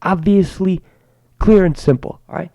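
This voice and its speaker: A man's voice: high voice, measured pace, mellow, no echo. A teenage boy ranting sarcastically in a mock-grandiose way, often stammering and restarting his words. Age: teens. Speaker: student ranting to camera. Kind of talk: comedic rant monologue.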